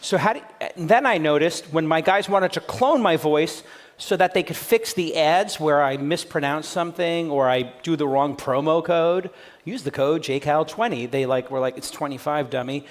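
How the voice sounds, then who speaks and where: An American man hosting a live interview on a conference stage, his voice sitting slightly high. He tells stories fast, with jokes and asides, animated throughout. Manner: fast, joking, animated storytelling. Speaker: podcast host interviewing a guest.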